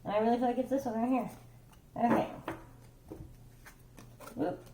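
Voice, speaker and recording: A woman with a somewhat high voice talks through a tarot reading in a loose, rambling way. She keeps checking in with her listener and swears offhandedly. The room around her is noticeably echoey. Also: normal speed, dark tone, slight background noise. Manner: rambling, conversational, swears casually, checks in with "okay?" and "right?". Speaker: tarot reader. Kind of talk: casual tarot reading monologue.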